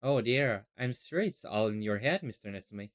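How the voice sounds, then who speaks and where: A man voicing a gentle, polite young assistant woman. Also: on the low side, animated, moderate pace, voice pushed down, lightly acted.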